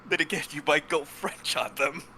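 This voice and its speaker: A man's voice: a little high, normal speed, sharp tone, slight background noise, low-quality recording. A young man hosting a casual game playthrough with friends, rambling and joking with the odd swear. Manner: rambling, jokey, swears freely. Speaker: let's play host. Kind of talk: casual chat over gameplay.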